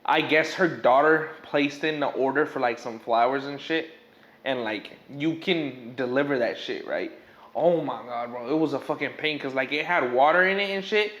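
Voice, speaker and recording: A man's voice: medium pitch, moderate pace, fairly bright tone. A young man in casual podcast chat, telling a story in a rambling, profane way full of fillers. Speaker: podcast guest or host. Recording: echoey room.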